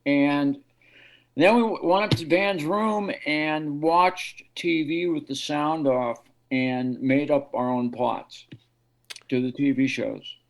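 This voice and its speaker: A man's voice: fairly high pitch, slow pace, rough recording. A man, a guest guitarist, telling stories in a casual interview and acting out the voices of people he quotes. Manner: animated storyteller, acts out quoted voices.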